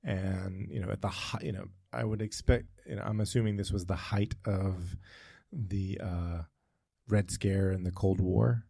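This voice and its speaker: Low-voiced man rambling on a podcast. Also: fairly even intonation, unhurried, vocal fry, mellow, breathy edge, no room sound, studio quality. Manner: rambling, goes off on tangents, many fillers. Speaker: podcast co-host. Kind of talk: casual conversational podcast.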